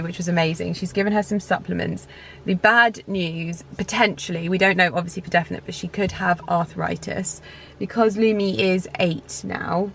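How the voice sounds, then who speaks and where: A woman's voice: mid-range voice, a bit bright. Woman, 30s, rambling emotional vlogger chat, faint background noise. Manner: chatty, rambling with many fillers, emotional. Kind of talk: casual vlog chat.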